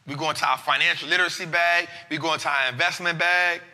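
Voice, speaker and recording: A man hosting a live finance talk show, animated and casual, full of slang and repeated phrases. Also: a little high, fast, in a large hall.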